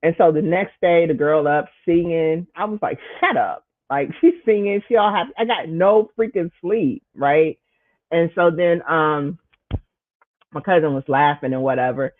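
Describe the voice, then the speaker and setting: Casting note: chatty male host, higher voice, heavy on "like", dry and tinny phone-line sound. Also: normal speed, dry recording. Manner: animated storyteller, leaps into high exaggerated voices when quoting himself; lots of "like" and "you know", frequent restarts. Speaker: show host. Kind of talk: casual storytelling monologue.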